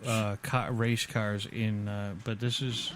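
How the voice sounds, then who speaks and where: A man's voice: lowish voice, flat delivery, slow pace, heavy background noise. A man co-hosting a podcast in a studio, chatting casually and rambling through stories with many fillers and restarts. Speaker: podcast co-host. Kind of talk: casual chat.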